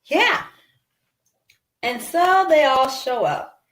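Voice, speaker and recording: A woman narrating a playful toy story with excited cheers and sound effects. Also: sits high, drawn-out words, echoey room.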